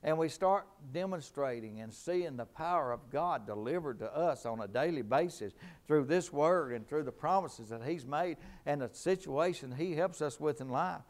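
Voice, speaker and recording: A man's voice: on the high side, expressive, normal speed, a little mellow. A middle-aged man preaching a sermon in a fervent, emphatic way, repeating his key lines.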